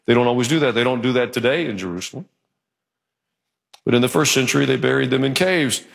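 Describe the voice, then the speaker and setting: A man's voice: mid-range voice, quick pace, vocal fry. A male pastor preaching a sermon in church, in a conversational, joking manner. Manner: conversational and joking, acts out quotes.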